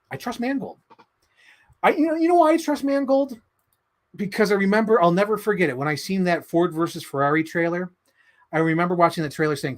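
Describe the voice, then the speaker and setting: A man hosting a live stream, chatting casually in a rambling, opinionated way and swearing often. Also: a little high. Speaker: livestream host.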